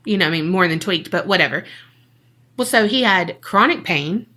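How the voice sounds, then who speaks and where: A woman's voice: lowish voice, animated, moderate pace, pushed and bright. A woman, co-hosting a podcast and telling a story in a casual, jokey way that is full of swearing. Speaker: podcast co-host.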